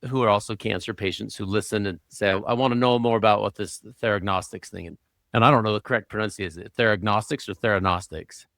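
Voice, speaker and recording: A man's voice: lowish voice, steady tone, fast talker, creaky, a bit bright, no echo, studio quality. A man hosting a doctors' podcast, asking questions in an encouraging, conversational way.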